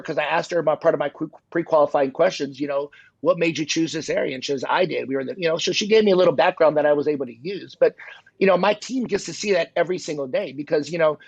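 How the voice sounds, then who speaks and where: A man with a husky, gravelly voice pitched a little high tells sales stories in a relaxed, chatty way, leaning on "you know" as he goes. The dull, lo-fi podcast recording sounds close and dry. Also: fast, no echo. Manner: peppers speech with "you know". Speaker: real estate sales guest. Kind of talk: conversational storytelling.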